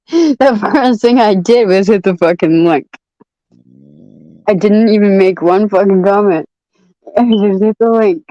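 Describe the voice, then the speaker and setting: A woman's voice: mid-range voice, no room sound, dull audio. A woman chatting casually on a live stream at home, swearing freely and laughing a lot between lines. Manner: profane, laughing a lot, yelling across the room. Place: home room with open window.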